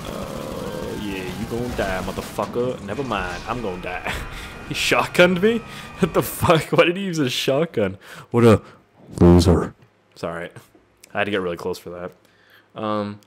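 A young adult man giving casual, jokey gameplay commentary, rambling and swearing with excitable outbursts. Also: medium pitch, a little hiss or hum. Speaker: gaming YouTuber. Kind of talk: casual let's-play commentary.

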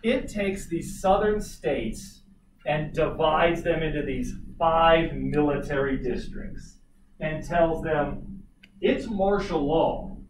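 Brief: lively male teacher lecturing a class, slightly high voice, heard from across an echoey room. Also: takes it slowly. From Colorado. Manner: animated, jokey asides to students. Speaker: history teacher. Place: classroom, recorded from afar. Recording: echoey room, distant mic, noisy.

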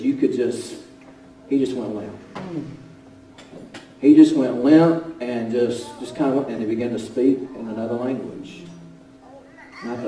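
A male pastor delivers a sermon in a reverberant church sanctuary. His voice is mellow and relaxed, heard from a distance with a faint room hum behind it. He swings between loud exclamations and quiet storytelling. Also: mid-range voice. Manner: animated, rising to shouts then dropping to hushed storytelling. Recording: roomy church sound from a distance.

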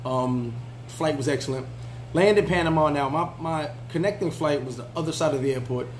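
A man recounting a trip in a loose, chatty way, his voice sitting a little higher than most men's. He stops and restarts often and leans on fillers. A faint hum runs behind him. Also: a little fast, low-quality recording. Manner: laid-back, chatty, frequent fillers and restarts. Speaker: travel vlogger. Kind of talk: casual storytelling.

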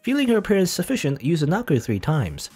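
Male gamer reading a story game aloud, animated and casual, soft music underneath. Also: a little high, fast, breathy edge. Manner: casual, chuckling asides. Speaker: let's play host. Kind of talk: reading a game's text aloud with asides.

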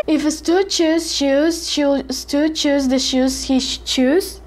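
A Mexican woman vlogger whose first language is Spanish speaks with a Mexican Spanish accent in a high, expressive voice. She tries tongue twisters slowly and carefully in a casual way, but keeps stumbling, restarting, correcting herself and giggling.

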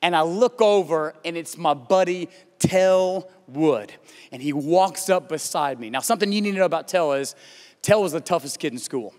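A man's voice: fairly high pitch, expressive, moderate pace, a little mellow, in a large hall. An American man preaching a sermon as pastor, telling a story and building to impassioned pleas. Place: church auditorium.

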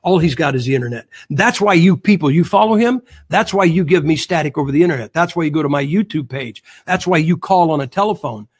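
A man speaking as a guest on a religious talk show, combative and mocking, with a husky voice. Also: fairly high pitch, expressive, fast talker, hardly any pauses. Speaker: guest preacher.

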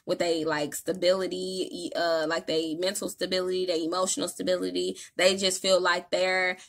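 A woman's voice: on the low side, vocal fry, pushed and bright. A woman giving a casual tarot reading, talking in an emphatic, slangy, profane way. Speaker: tarot reader.

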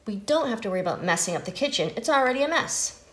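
A woman's voice: on the high side, lively intonation, quick pace, reverberant, close to an everyday voice. A woman voicing a careful turtle who reads the cookbook, with a whiny, moaning manner. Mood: wry.

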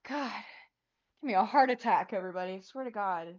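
A woman's voice: mid-range voice, fairly quick. A young woman hosting a casual livestream, flustered and laughing as she swears through tech trouble. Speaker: livestream host. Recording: lo-fi stream audio.

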